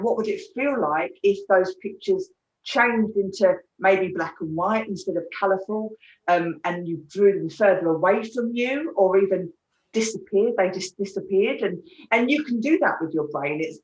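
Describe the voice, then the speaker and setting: A woman, a therapist telling a personal story in an earnest, soft-spoken way, often restarting her sentences. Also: medium pitch, lo-fi sound. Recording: roomy echo, mic at a distance.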